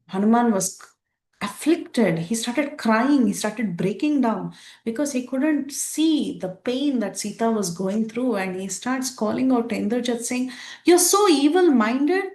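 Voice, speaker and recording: A woman teaching a scripture class, retelling an epic story in an animated way with many fillers. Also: on the high side, reverberant.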